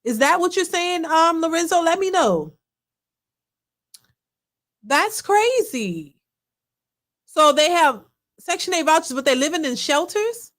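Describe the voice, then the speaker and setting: A woman's voice: very high voice, lively intonation, slow pace, long pauses, fairly bright tone. A woman hosting a live reaction stream, talking emphatically and often repeating herself while addressing her chat. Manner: emphatic, repetitive, talks to chat. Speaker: reaction channel host. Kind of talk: casual live reaction commentary.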